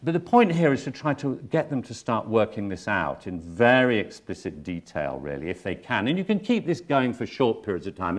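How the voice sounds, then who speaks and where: A man, a psychotherapist, giving a conference lecture and acting out the voices of patients and colleagues. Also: on the low side. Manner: animated, acts out patients and colleagues in quoted voices.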